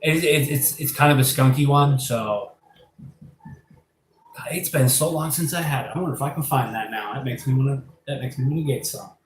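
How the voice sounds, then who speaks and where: A man hosting a casual live stream, rambling and excitable, laughing and swearing as he talks. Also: mid-range voice, normal speed, slight background noise. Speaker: live-stream host showing his pet invertebrates. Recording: echoey room with faint ambience.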